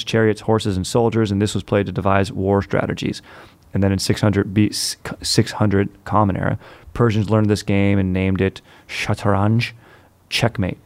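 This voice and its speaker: A young man with a fairly low, creaky voice and a darkish tone chats casually, swearing freely and calling everyone "dude" as he rambles through his stories. He sounds laid-back, and the recording is dry.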